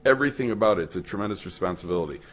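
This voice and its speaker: Deep-voiced rabbi telling lively stories. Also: male voice, rapid-fire. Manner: storytelling, acts out quoted voices with big pitch swings; conversational, uses Yiddish and Hebrew terms. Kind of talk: lecture to an audience. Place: hall at a memorial event.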